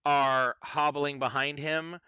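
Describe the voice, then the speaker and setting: A man's voice: on the high side, level tone, takes it slowly, sharp tone, clear, resonant tone, no echo, muffled recording. A man narrating as game master, hesitant with many fillers and restarts. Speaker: dungeon master.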